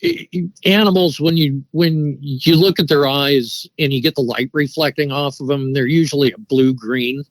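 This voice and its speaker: Over poor audio with no room sound, a middle-aged guest recounts an encounter at length in a loose, casual way. He speaks at a normal pace and medium pitch, constantly restarting and dropping in "you know" fillers.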